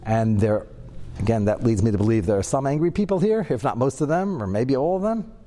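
A man giving a Torah class lecture, animated, jumping to a high pitch when he acts out quoted lines. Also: fairly quick, big-room sound. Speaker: Torah teacher.

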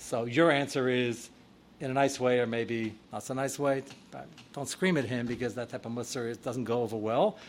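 A man, a rabbi teaching a Torah class, sprinkling in Hebrew and Yiddish terms and growing loud and animated when he acts out his examples. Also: mid-range voice, moderate pace, slight background noise.

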